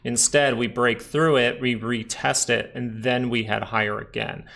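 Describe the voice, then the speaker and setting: Male live-stream market host, gravelly, mid-pitched, relaxed chatty explainer who answers chat. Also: unhurried. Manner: chatty, explains while reading viewer chat; frequent tag questions like "right?". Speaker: stock market livestream host. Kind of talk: casual live chart analysis.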